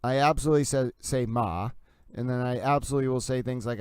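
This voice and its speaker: A New England man with a Boston accent hosts a casual live stream, chatting playfully and mocking himself while he works on his computer. His medium-pitched voice is fast, smooth and darkish in tone, in a dry recording.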